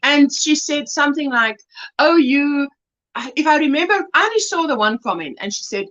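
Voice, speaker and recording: Chatty South African woman, lively high voice. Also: a little fast, highs cut off. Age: middle-aged. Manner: warm-hearted, chatty, greets viewers as sweetheart. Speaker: crochet livestream host. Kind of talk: casual livestream chat reading comments.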